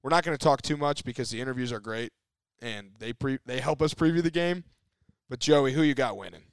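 Energetic talkative podcast host. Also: male voice, medium pitch, a little fast, clear, resonant tone, no room sound, studio quality. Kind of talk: casual podcast chat.

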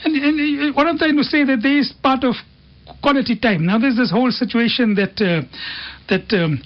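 A very high-pitched man speaks at a moderate pace on the radio, telling earnest stories on faith and family and quoting Arabic sayings. The studio recording is dull and dry, with no room sound.

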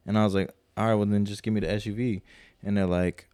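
A man's voice: lowish voice, little pitch movement, quick pace, warm tone, clear, resonant tone, dry recording, clean studio sound. A man co-hosting a podcast, telling a long, profane story in a casual, rambling way and quoting people as he goes. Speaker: podcast co-host.

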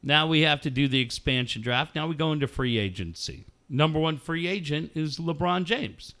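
A middle-aged man telling a story in casual chat, animated and profane, often laughing. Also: fairly high pitch, moderate pace.

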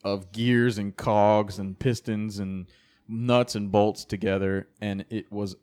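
A man chatting casually as a podcast co-host, telling jokes with a deadpan delivery. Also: fairly low pitch, slow pace. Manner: deadpan, joking. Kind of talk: casual banter.

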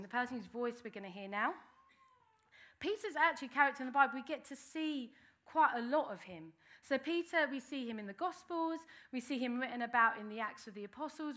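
A woman delivers a sermon with a bright, slightly high voice. She speaks earnestly and conversationally, restarting phrases as she goes. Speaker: preacher.

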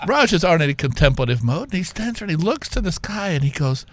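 A man tells a lively anecdote as a podcast guest. He pauses with fillers, restarts sentences, and leans into the punchlines. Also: a little high, crowd noise. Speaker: guest, whiskey company co-founder. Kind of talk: conversational storytelling.

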